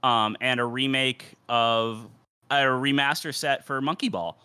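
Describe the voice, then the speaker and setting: A man's voice: mid-range voice, measured pace, bright, forceful tone, clean tone. A young man co-hosting a gaming podcast, rambling with lots of fillers in casual chat. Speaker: podcast co-host.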